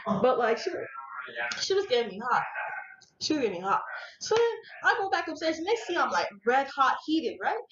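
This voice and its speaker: A young woman vlogger telling a story in casual, slangy speech, animated and laughing along as she talks. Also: high-pitched, brisk, pauses often. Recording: echoey room, dull lo-fi audio, faint noise.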